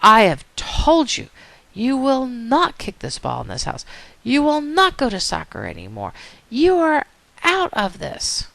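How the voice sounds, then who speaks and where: A woman's voice: on the high side, wildly swooping pitch, a little slow, creaky, a bit bright, dry recording, pitched above the performer's own voice, full character voice. A woman teacher voicing an exasperated mother firmly scolding her daughter. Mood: stern. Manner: scolding, firm.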